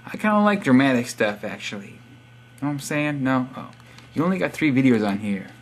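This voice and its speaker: A young vlogger with a mid-range voice gives subscriber shoutouts, reading profiles aloud in a casual monologue full of sarcastic teasing and wry asides. He's very animated and a little fast, and the audio has a slight hiss or hum.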